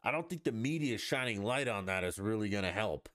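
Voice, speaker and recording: A man's voice: fairly low pitch, lively intonation, a little fast, a bit bright, dry recording, studio quality. A man hosting a podcast, ranting in a blunt, profane and mocking way in a casual monologue. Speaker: podcast host.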